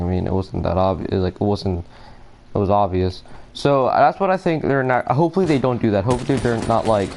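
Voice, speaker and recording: A man's voice: on the low side, expressive, quick pace, darkish tone, slight background noise. A man talking through a theory while playing a shooter game, hesitant and distracted, with many fillers and restarts. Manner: distracted, nervous, apologetic. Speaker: gaming video creator.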